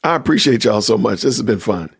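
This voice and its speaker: A man hosting a casual livestream podcast, reacting out loud and talking to his viewers as "y'all". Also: lowish voice, lively intonation, fast, gravelly, husky. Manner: talks to chat with y'all, reacting loudly. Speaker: podcast host.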